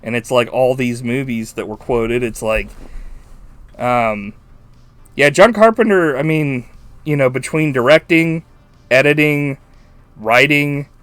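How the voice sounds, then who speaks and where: A man co-hosting a podcast in casual chat, animated, swearing freely and laughing often. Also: mid-range voice, measured pace, long pauses, clean tone, dry recording. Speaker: podcast co-host. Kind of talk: casual chat about a film.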